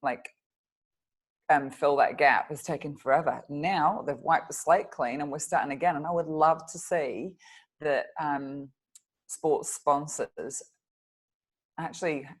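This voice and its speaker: A middle-aged woman, a podcast guest telling stories in an animated, giggly way. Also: sits low, unhurried, slightly rough. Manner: animated storyteller, giggly, chatty. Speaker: podcast guest, fitness coach. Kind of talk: casual interview chat.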